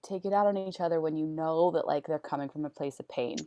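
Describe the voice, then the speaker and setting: Host: thirties woman, lowish voice, dry close sound, bubbly, supportive, filler-heavy chat. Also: quick pace, warm tone, no room sound, lo-fi sound. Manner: bubbly and encouraging, many "like" fillers. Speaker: podcast host. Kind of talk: casual conversational interview.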